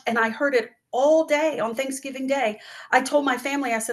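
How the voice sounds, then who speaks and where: A woman's voice: sits high, normal speed. Earnest woman telling her story. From northwest North Carolina. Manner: earnest, heartfelt, acts out quoted speech. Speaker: guest, business owner and charity founder. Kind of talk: interview answers, personal storytelling.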